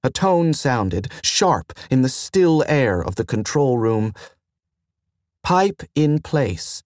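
Male audiobook narrator, slow and even, dry close-mic sound. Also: medium pitch, dry recording. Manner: measured, even reading. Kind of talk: scripted narration.

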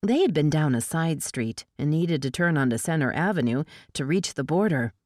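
A woman with a low voice reads a novel aloud at a steady, measured pace. The recording is dry and close, with no room sound. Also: no room sound. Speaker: audiobook narrator. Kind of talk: scripted narration of a novel.

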